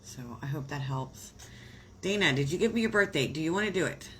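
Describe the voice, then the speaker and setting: A woman's voice: low voice, lively intonation, brisk, heavy background noise. A woman giving astrology readings on a live stream, talking casually with many fillers and growing emotional about her viewers. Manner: warm, emotional, chatty with frequent fillers. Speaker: astrology reader on a livestream.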